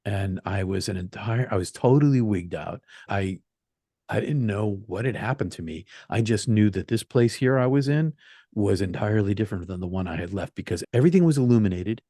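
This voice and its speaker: A man being interviewed, telling his near-death experience in an earnest, halting way that repeats phrases. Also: lowish voice, expressive, mellow, dry recording, studio quality. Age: young adult telling of age 20, now older. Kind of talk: personal storytelling interview.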